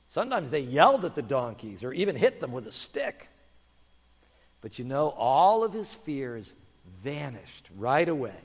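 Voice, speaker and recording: A man reading a children's story aloud in an expressive, animated way. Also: fairly high pitch, husky, in a large hall.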